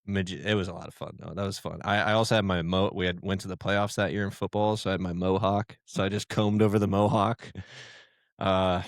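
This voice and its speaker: Co-host type: young guy, low-pitched, loose rambling storyteller, dry studio mic. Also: level tone, fairly quick, gravelly, no echo. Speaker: podcast co-host. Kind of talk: casual chat.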